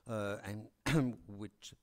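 A man's voice: lowish voice, fairly even intonation, extremely slow, a little mellow. Hesitant man with a French accent. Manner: hesitant, many restarts and fillers; apologetic, self-deprecating humor. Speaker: academic speaker. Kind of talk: conference talk.

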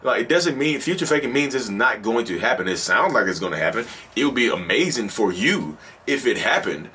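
A man's voice: lowish voice, sing-song, normal speed, bright, forceful tone, a little hiss or hum. A man with a Southern accent hosting a solo podcast, talking casually and emphatically, often repeating and restarting his phrases. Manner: repetitive, emphatic, restarts sentences, acts out quoted lines. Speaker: podcast host.

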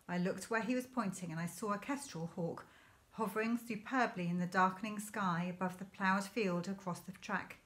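A woman teacher reading a children's novel aloud in a clear, measured storytelling manner. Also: medium pitch, a bit bright. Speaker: primary school teacher.

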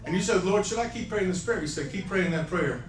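A man with a high-pitched, animated voice preaches briskly and prophetically to individuals at a church conference hall. Emphatic and playful, he repeats "listen" a lot and laughs between points; the recording is echoey, with the mic far away.

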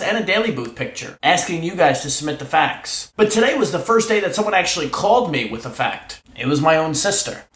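A man hosting an upbeat fun-facts vlog, excitable and prone to shouting his catchphrase. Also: on the high side, reverberant. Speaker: vlog host.

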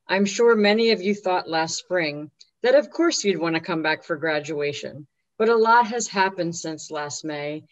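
A woman addresses graduates in a formal ceremony speech, measured and earnest. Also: fairly low pitch, muffled recording.

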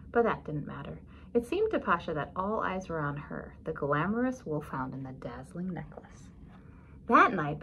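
A woman's voice: fairly low pitch, a little hiss or hum, rough recording. Woman reading a picture book aloud. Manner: expressive, asks listeners questions. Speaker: storybook reader.

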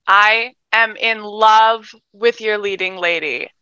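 A woman's voice: mid-range voice, takes it slowly, bright, forceful tone, smooth, dry recording, lo-fi sound. A woman hosting a reading event who speaks in a gushing, enthusiastic way.

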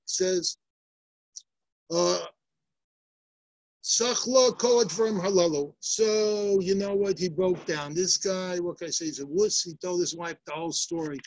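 A man in his forties leads a daily Talmud class in a synagogue study hall. He talks high for a man, with a gravelly edge. The sound is dry and close, and he narrates the passage with lively, wry asides. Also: measured pace. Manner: lively storyteller, translating aloud and adding wry asides. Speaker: Talmud teacher.

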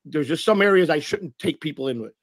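Guy rambling thru a defensive apology, kinda high voice, dry recording. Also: animated, fairly quick, husky, no room sound.

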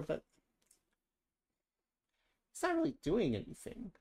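Storybook reader, gentle and playful, chatty asides between lines. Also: mid-range voice, wildly swooping pitch, normal speed, pauses often. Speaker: children's book reader.

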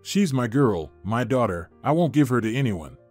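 A man's voice: mid-range voice, big pitch swings, moderate pace, darkish tone, soft background music. A man voicing a tender young mother. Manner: tender, emotional. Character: loving young wife and mother.

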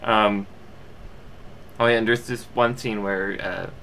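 A man's voice: lowish voice, fairly even intonation, slow, gravelly, a bit bright, a little hiss or hum. A young man giving a casual movie review, rambling with lots of fillers and restarts.

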